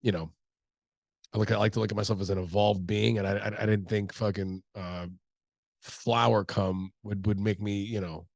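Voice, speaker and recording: A comedian host in his thirties, stuffy from allergies, talks by himself in a loose, foul-mouthed ramble. He sounds low and creaky with a steady tone at normal speed, and there is no echo.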